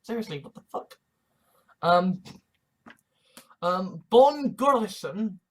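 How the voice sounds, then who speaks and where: A woman's voice: mid-range voice, animated, slow pace, slight background noise, low-quality recording. A woman giving a rambling, profane video monologue, agitated and often breaking off mid-sentence. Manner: profane, agitated, self-interrupting. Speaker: vlogger.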